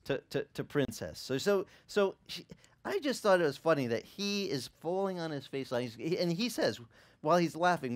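Middle-aged male pastor, sermon, lively storyteller who acts out quotes, wide pitch swings. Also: normal speed.

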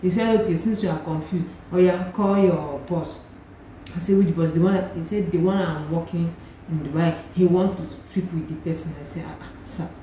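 A woman's voice: fairly low pitch, steady tone, a little fast, dark tone, slight background noise. A young Nigerian woman with a Nigerian accent, animatedly retelling a personal story in a vlog and slipping into pidgin phrases. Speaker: vlogger. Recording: very echoey room, faint ambience.

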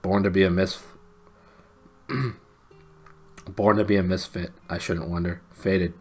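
A man voicing a gloomy, grumbling male marsh creature in a storybook reading, with a husky voice. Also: deep voice, little pitch movement, a little slow, darkish tone, faint music behind.

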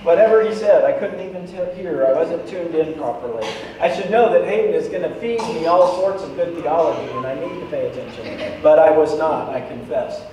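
A man with a fairly high voice preaches a sermon in a church sanctuary, animated and quick to drop a joke to his listeners. The room is very echoey, and he sounds a little distant from the mic, with a faint hiss behind him. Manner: lively, joking asides to the congregation. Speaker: pastor. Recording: echoey church hall, voice from afar, faint noise.

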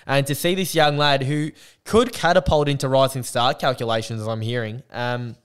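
An Australian man with a slight lisp talks sport casually on a podcast. His voice is smooth and resonant at an ordinary middle pitch. He gives blunt, lively opinions. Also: normal speed. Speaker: podcast host.

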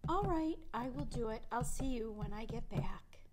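A woman voicing a polite, lovesick young prince in a gentle, soft puppet-show voice. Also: fairly high pitch, expressive, normal speed, noisy background, lightly acted. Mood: earnest.

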